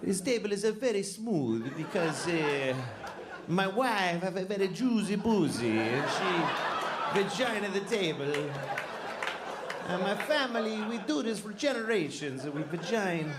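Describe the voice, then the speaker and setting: A man's voice: sits high, sing-song, a loud crowd, voice pushed up. A man doing a proud old Italian craftsman. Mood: boastful. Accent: Italian, put on. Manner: broken English, slow and boastful. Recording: roomy club with audience noise.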